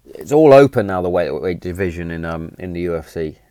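A man's voice: sits low, expressive, brisk, dark tone, no echo, studio quality. A man, telling stories in a blunt, chatty way, often repeating himself and swearing. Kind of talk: casual storytelling monologue.

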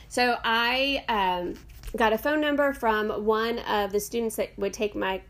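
A woman's voice: on the high side, a bit bright, a little hiss or hum. Chatty woman hosting a yoga podcast. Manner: chatty, rambling, with many fillers and self-corrections. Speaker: podcast host and yoga teacher. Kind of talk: casual podcast monologue.

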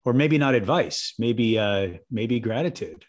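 A man hosting a casual heartfelt conversation, affectionate and soft-spoken, pausing often with fillers. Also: mid-range voice, animated. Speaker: host.

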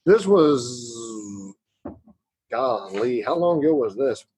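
A man's voice: mid-range voice, expressive, slow, vocal fry, darkish tone, a little hiss or hum. Joking man in his forties. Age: 40s. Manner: joking, teasing. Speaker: podcast co-host. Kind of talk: casual chat, storytelling.

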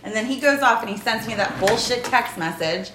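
A woman hosting a casual podcast, venting with lots of swearing in animated storytelling. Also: on the high side, a little fast, background noise. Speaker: podcast host. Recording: echoey room.

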